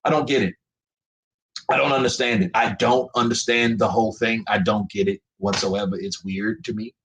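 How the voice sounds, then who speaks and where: A man's voice: on the low side, steady tone, moderate pace, a bit bright, echoey room, low-quality recording. A man giving a live-stream rant about boxing, frustrated and profane, often repeating himself. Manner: emphatic, profane, repetitive.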